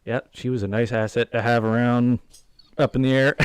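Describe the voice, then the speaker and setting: A man's voice: mid-range voice, little pitch movement, moderate pace, smooth. A man co-hosting a painting show, trading joking, teasing banter. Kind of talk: casual chat.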